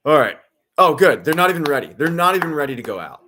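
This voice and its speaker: A young man giving casual, sarcastic, deadpan commentary during a live sports watch-along, rambling with lots of "like". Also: fairly high pitch, fast talker, a little hiss or hum.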